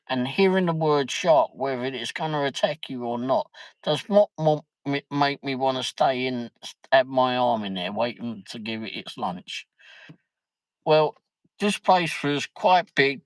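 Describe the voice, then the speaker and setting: A man's voice: medium pitch, no room sound, poor audio. Man rambling through a funny story. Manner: rambling, laughs often, peppers speech with "flipping". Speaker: livestream host. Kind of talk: casual chat, anecdote.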